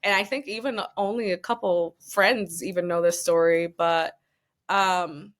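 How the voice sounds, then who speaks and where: A young adult woman speaking as a podcast guest in a slightly low voice. She tells her story in a loose, chatty way, full of fillers and asides, and grows emotional as she talks. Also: a little slow. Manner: chatty and expressive, many fillers, emotional at times.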